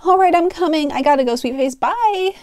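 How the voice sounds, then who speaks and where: A woman voicing an eager young female fox apprentice in a storybook reading, excitable and pleading. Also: very high-pitched, brisk, dry recording, studio quality, pitched above the performer's own voice.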